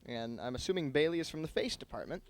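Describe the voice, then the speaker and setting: A man with a slightly high voice emcees a school talent show into a handheld microphone. He rambles and jokes with plenty of fillers, playing to the crowd. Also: lively intonation, fast. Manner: rambling, playful, lots of fillers. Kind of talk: joking stage emcee patter. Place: high school auditorium stage.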